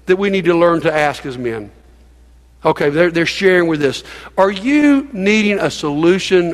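A man preaches to his congregation in an emphatic, folksy way, urging listeners to speak along with him. His voice sits high for a man. The sound carries a long reverb from the church sanctuary. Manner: emphatic, folksy, with laughs and audience prompts. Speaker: pastor. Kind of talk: sermon.

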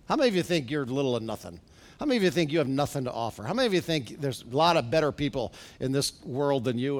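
A middle-aged man preaching a sermon as pastor in a church, asking the congregation questions and building to loud, urgent exhortations. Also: medium pitch. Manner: preaching with rising, shouted exhortations and rhetorical questions. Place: church sanctuary.

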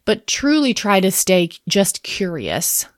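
A woman in her thirties talking candidly about parenting and therapy in a relaxed podcast chat, reflective and quick to laugh. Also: mid-range voice, no room sound, clean studio sound. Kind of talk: casual podcast conversation.

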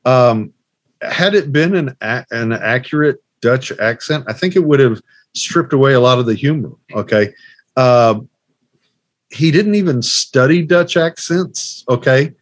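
A man's voice: medium pitch, expressive, unhurried, dry recording. Podcast co-host, man, wry and opinionated, dry close recording. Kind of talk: casual chat.

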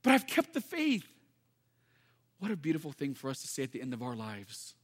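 A man's voice: medium pitch, wildly swooping pitch, a little fast. A male pastor giving an earnest, conversational sermon and asking rhetorical questions. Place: church.

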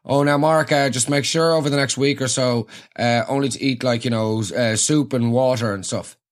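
A man's voice: medium pitch, fairly even intonation, normal speed, voice pushed down, close to an everyday voice. An Irish man doing a breezy offhand dentist. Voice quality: casual, offhand, dismissive.

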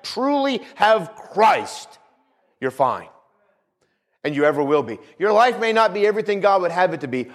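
Lively-pitched preaching man. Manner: preaching with rising and falling emphasis, repeats phrases, calls for amens. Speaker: pastor. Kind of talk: sermon.

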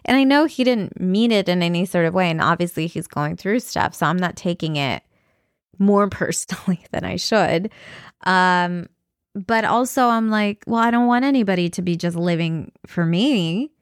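A woman's voice: fairly low pitch, animated, moderate pace, clear, resonant tone, dry recording, studio quality. A young woman talking candidly in a personal vlog, rambling with fillers and restarts. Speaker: vlogger.

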